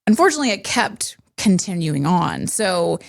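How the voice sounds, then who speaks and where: Animated woman telling a story. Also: fairly low pitch, moderate pace, gravelly. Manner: animated storytelling, laughs when stressed. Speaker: podcast co-host. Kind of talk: casual chat.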